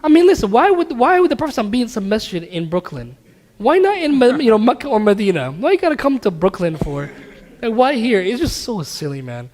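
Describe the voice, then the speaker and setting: A man teaching a casual religious class at a mosque, telling stories with laughs and animated asides. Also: very high-pitched, a little fast. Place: mosque hall. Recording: hall reverb.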